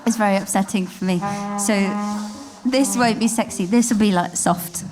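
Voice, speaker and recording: A woman spoken-word poet, performing live on a theatre stage, mixing giggly, rambling asides with slow, lyrical recitation. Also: medium pitch, over music.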